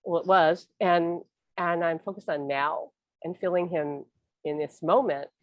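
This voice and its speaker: Host type, middle-aged woman, lowish voice, earnest and rambly, dry close sound. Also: fairly even intonation, unhurried, no room sound, highs cut off. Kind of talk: casual spiritual chat.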